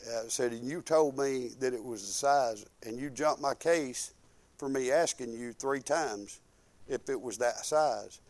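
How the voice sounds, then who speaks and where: A man's voice: mid-range voice, unhurried. An older man, a pastor telling folksy stories in a sermon and acting out the quotes. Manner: folksy, animated storytelling with acted-out quotes. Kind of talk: storytelling sermon.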